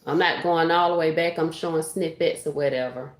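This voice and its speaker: A woman's voice: sits low, fairly even intonation, fairly quick. A woman hosting a commentary channel, explaining plainly and directly between clips. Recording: roomy echo.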